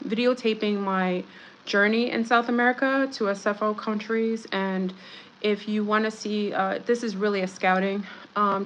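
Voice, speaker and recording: A woman's voice: mid-range voice, fairly bright tone, rough recording. A woman hosting a casual livestream, rambling in a conspiratorial, joking way and greeting viewers by name. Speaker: livestream host.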